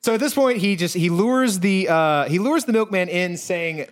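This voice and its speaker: A podcast co-host with a high, animated voice and moderate pace recaps a film in casual chat. He rambles and swears, full of fillers and restarts.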